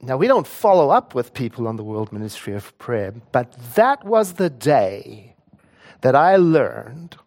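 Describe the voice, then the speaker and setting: Slow-talking guy, earnest, telling a spiritual story, mid-pitched voice, builds up to emphatic bits. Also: sing-song, darkish tone. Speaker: prayer practitioner. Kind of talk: personal story in a spiritual talk.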